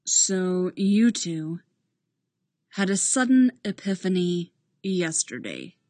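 A stern male captain who speaks slowly and formally, with a flat, deadpan weight, as a woman reader puts him on. The delivery is unhurried and precise. The recording is dry and close. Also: on the low side, no room sound. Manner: slow, measured, deadpan.

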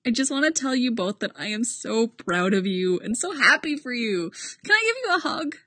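A woman's voice: a little high, sing-song, moderate pace, a bit bright, no room sound, pitched above the performer's own voice. A woman doing a gushing, overeager male friend. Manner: effusive, breathless sincerity. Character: gushing emotional man, loyal overeager friend.

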